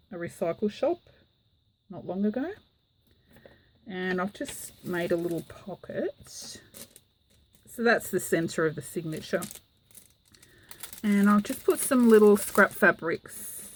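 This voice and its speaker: Woman, lowish voice, giggly, casual craft chat, lots of ums. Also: rough recording. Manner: giggly, chatty, with frequent fillers. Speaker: craft vlogger. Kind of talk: casual show-and-tell.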